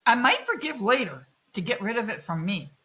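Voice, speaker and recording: Middle-aged woman telling her stories in a chat, animated, swears a lot, does the voices. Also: on the high side, fairly quick, poor audio. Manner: animated, swears freely, acts out quoted voices. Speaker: guest. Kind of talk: candid conversational storytelling.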